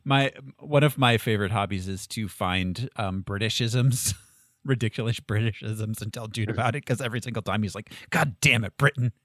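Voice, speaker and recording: A man's voice: on the low side, normal speed, a bit bright, no echo, studio quality. A man hosting a casual podcast chat, laughing often as he runs the segments. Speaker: podcast host.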